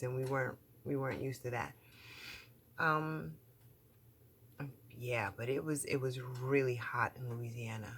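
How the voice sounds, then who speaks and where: A woman's voice: very deep voice, a bit bright. A middle-aged woman vlogging from home in casual chat, talking in a chatty, emphatic way with lots of fillers and repeated words. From New York.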